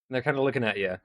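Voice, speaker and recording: A man narrating a tabletop game as game master, playful and often laughing. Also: mid-range voice.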